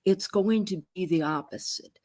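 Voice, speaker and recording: Woman therapist, lower register, lively explainer who performs her examples, video-call audio. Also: normal speed. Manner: animated, acts out clients' inner voices with sighs. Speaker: psychotherapist. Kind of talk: conversational explanation with acted-out examples.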